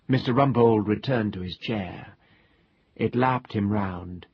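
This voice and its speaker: Male narrator reading a ghost story in a measured, deliberate way, with a raspy, gravelly voice. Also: lowish voice, dry recording, dull audio.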